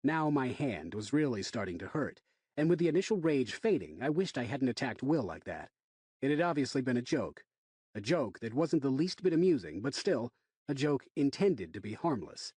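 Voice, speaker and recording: A man narrating a thriller audiobook in the first person, in an expressive, tense reading. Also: medium pitch, moderate pace, slightly rough, dry recording, studio quality.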